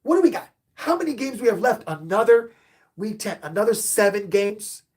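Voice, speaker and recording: A man hosting a casual live-stream sports talk show, excitable, swinging between loud outbursts and muttered asides. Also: high voice, normal speed. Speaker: podcast host and sports fan; bartender.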